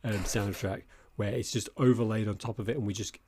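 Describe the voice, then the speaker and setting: A man co-hosting a film podcast, talking with enthusiasm in a halting, restart-heavy way. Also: fairly low pitch, steady tone, darkish tone, a little hiss or hum. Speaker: podcast co-host. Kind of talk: casual film discussion.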